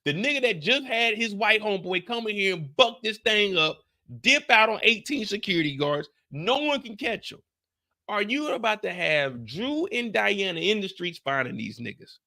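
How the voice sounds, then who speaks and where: Young man, live-stream recap host, gravelly tone, bright forceful delivery, profane animated storytelling. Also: sits high, moderate pace.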